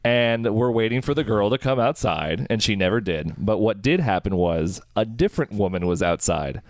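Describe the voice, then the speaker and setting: A man's voice: lowish voice, expressive, normal speed, no room sound. A man in his twenties, a podcast guest telling a long story in a casual, rambling way with plenty of "like" and laughs. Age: 20s. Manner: rambling, laughs through his stories, lots of "like".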